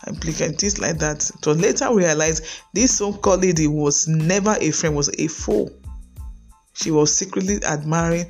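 A middle-aged Nigerian woman gives pastoral marriage advice on her podcast, pleading and earnest, circling back over her own words. Her voice carries a gravelly fry, with soft music running faintly underneath. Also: low-pitched, animated, normal speed. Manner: earnest, pleading, repeats and restarts phrases. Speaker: marriage counselor, podcast host.

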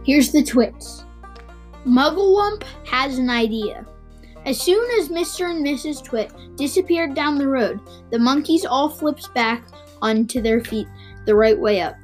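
A woman's voice: high-pitched, animated, unhurried, faint music behind, poor audio. A woman reading a chapter book aloud, chatting loosely and unprepared between readings. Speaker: reader.

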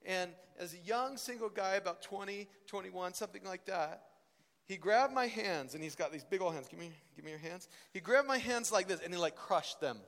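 High-voiced man preaching in a reverberant hall. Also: moderate pace. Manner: animated storytelling, voice rising and falling with emotion. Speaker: teacher at a ministry school. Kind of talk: sermon.

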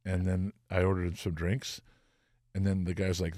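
Low-voiced man telling wild stories. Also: normal speed, no room sound, studio quality. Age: middle-aged. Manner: profane, animated, acts out quoted voices. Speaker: guest musician. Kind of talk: casual storytelling.

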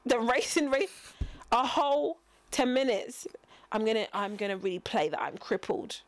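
A woman, a teacher co-hosting a podcast, telling animated stories and quoting people with sharp emphasis. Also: on the high side, measured pace. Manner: animated storytelling, quotes people in emphatic raised tones. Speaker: podcast co-host. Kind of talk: casual chat.

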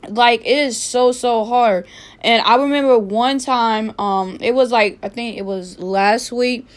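A young woman hosting her own podcast, telling a story in a casual, animated way, repeating herself with sassy asides. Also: on the high side, a little slow. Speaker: podcast host.

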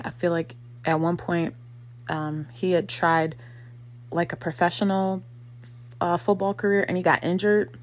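A woman's voice: lowish voice, normal speed. A woman in her thirties talking casually and reflectively in a personal vlog, full of fillers and acted-out quotes. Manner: conversational, many fillers, acts out quotes. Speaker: vlogger.

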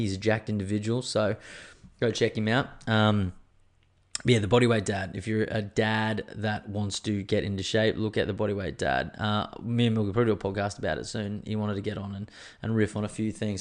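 An Australian man in his thirties, hosting a podcast in a rambling, crude, self-mocking solo chat full of swearing. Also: lowish voice. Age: 30s. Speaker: podcast host.

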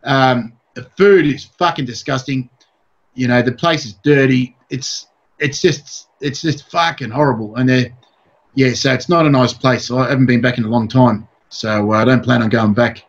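A man's voice: medium pitch, moderate pace. A man with an Australian accent, a comedian speaking as an interview guest, talking bluntly and swearing a lot while he rambles on. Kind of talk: casual interview chat. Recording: dull lo-fi sound.

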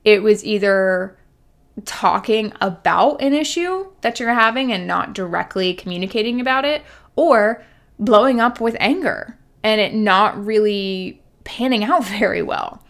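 A woman's voice: medium pitch, lively intonation, unhurried, vocal fry. A young woman who works as a life coach talks straight to her listeners about something that happened to her. Her delivery is candid and chatty, packed with "like" and "literally", and she lets out a laugh here and there as the story goes on. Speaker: life coach and podcast host. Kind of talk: casual storytelling monologue.

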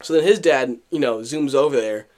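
A man's voice: mid-range voice, brisk, a little mellow. A young man co-hosting a podcast, telling a story in casual chat, acting out what people said, with many fillers and restarts. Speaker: podcast co-host.

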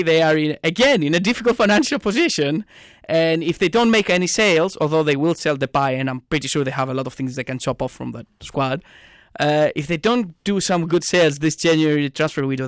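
A man co-hosting a casual podcast chat as a football fan, talking in an excitable, ranting way with loud exasperated outbursts. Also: on the high side, fast, hardly any pauses, no echo, studio quality.

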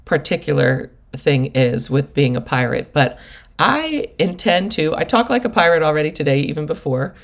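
A woman's voice: deep voice, very animated, normal speed, creaky. A middle-aged woman coach telling stories in a casual, rambling monologue full of asides. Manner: rambling, digressive storytelling with laughs and asides. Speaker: prosperity coach and host.

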